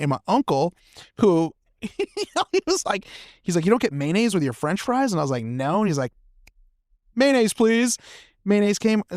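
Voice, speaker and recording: A man guest on a podcast, chatting casually and telling stories in an animated way, laughing often and saying "man" a lot. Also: sits high, no room sound, studio quality. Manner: animated, laughs often, lots of fillers like "man" and "you know". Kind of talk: casual chat, storytelling.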